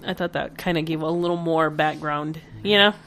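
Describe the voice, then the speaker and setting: A woman co-hosting a podcast in casual chat, animated, swearing, often trailing off unsure. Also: low-pitched, normal speed, over music. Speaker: podcast co-host.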